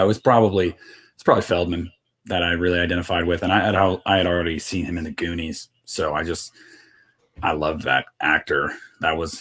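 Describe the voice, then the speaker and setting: A man's voice: low-pitched, a bit bright. A man talking casually on a podcast in a laid-back, thoughtful way. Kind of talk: casual chat.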